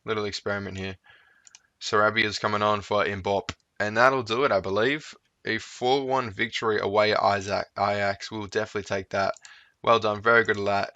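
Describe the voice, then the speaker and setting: Chatty low-voiced man commenting on his game. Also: bright, forceful tone, dry recording. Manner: chatty, talks to his players on screen. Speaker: gaming YouTuber. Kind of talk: casual let's-play commentary. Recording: dull, slightly lo-fi sound.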